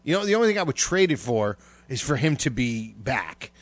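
A man co-hosting a casual talk show, his voice mid-pitched and recorded dry and close. He rambles through an emotional story with a lot of profanity, halting and restarting. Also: big pitch swings, no room sound. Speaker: radio show co-host. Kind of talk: casual podcast chat.

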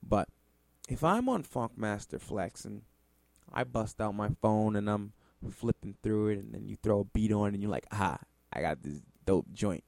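A man's voice: lowish voice, moderate pace, vocal fry, darkish tone, dry recording. Guy ranting about rap, swears a lot, sarcastic and fed up, dry close sound. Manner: sarcastic, profane, exasperated. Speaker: music commentator. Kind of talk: ranting commentary.

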